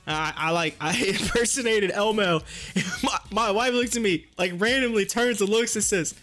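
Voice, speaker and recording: A man hosting a live stream in relaxed, rambling chat, laughing often as he talks. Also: high voice, normal speed, soft background music. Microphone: headphones on.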